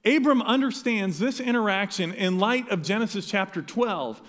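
A pastor preaching an animated sermon, acting out the lines of the people in the story. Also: male voice, sits high, moderate pace, in a large hall. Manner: animated, acts out quoted dialogue.

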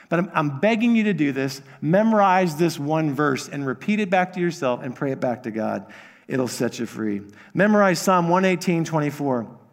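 A man preaching a sermon as pastor, earnest and repetitive, with frequent restarts and swings between hushed quiet passages and emphatic raised ones. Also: fairly high pitch.

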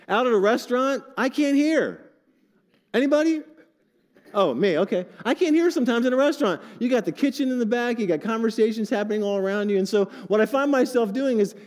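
An older man preaching a sermon to his congregation, animated and joking with asides. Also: extremely high pitch, in a large hall. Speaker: pastor.

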